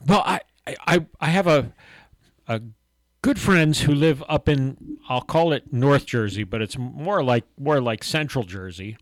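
A middle-aged man co-hosts a casual Christian talk podcast, animatedly telling stories and acting out quotes during faith discussion. His mid-range voice is a little slow, with no room sound.

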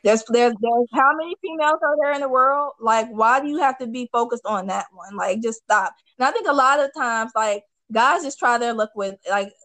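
Blunt, animated woman host. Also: fairly high pitch, normal speed, hardly any pauses, no room sound, low-quality recording. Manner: blunt, animated storytelling with profanity. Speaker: podcast host. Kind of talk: casual chat.

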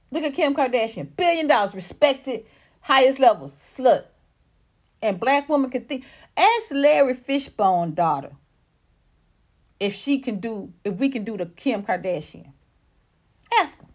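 A woman with a slightly high voice rants on a livestream. She is blunt and profane, hammers home each point with emphasis, and speaks directly to her viewers. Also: big pitch swings, unhurried, pauses often. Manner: talks straight to viewers and chat. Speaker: livestream commentator. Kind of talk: unscripted livestream rant.

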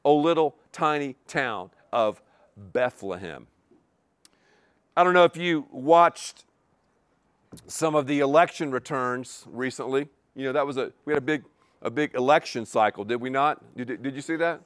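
A man preaching a sermon to a congregation, animated, with repeated words and rhetorical questions. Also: mid-range voice, measured pace, clean tone, dry recording.

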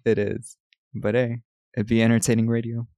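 A man with a gravelly, fry-edged voice recaps a movie for a podcast, quoting the characters and chuckling as he goes. The sound is close and dry, with no room around it. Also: mid-range voice, level tone, moderate pace, warm tone, no echo. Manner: laughs often, retells scenes with quoted lines. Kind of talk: casual chat.

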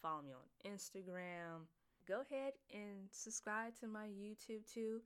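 A young woman hosting her own podcast alone, excited and giggly, rambling and repeating herself in casual chat. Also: medium pitch, a little slow, clean tone. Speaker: podcast host.

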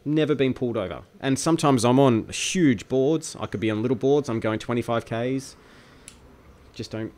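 A man's voice: mid-range voice, moderate pace, a little mellow. A man with an Australian accent hosting a stream, chatting in a laid-back, matter-of-fact way with local slang. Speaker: stream host. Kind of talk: casual chat.

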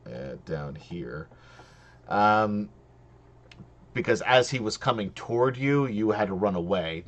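A man running a tabletop game as game master, narrating casually and laughing often. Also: fairly low pitch.

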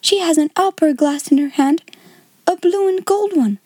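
A woman voicing an eager, excitable schoolgirl who gushes breathlessly. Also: very high voice, normal speed, no room sound, studio quality, pitched above the performer's own voice. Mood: excited.

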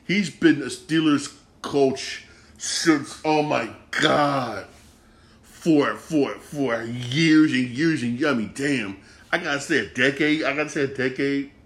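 Guy ranting solo on his sports podcast, pissed off, cussing a lot, keeps repeating himself, middle pitch. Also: takes it slowly. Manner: frustrated, swears often, repeats himself. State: upset and disgusted. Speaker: podcast host. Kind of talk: casual sports rant.

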